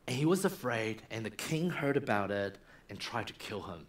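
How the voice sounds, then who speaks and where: A man's voice: mid-range voice, moderate pace. A man in a church, preaching a sermon by retelling a story and acting out its scenes. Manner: animated, acts out the story. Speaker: minister.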